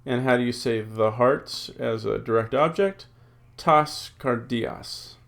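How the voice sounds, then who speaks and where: With a gravelly, mid-range voice, a man leads a recorded Greek lecture, drilling word forms slowly and reading rules while thinking aloud through many uhs and ums.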